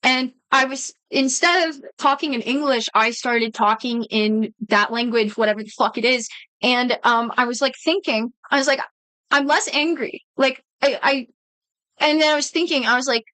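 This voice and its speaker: A woman streamer with a fairly high, bright, forceful voice chats casually with her viewers at a moderate pace and fairly even intonation. She rambles, swears freely, and often cuts herself off mid-sentence. The recording is dry and the audio poor.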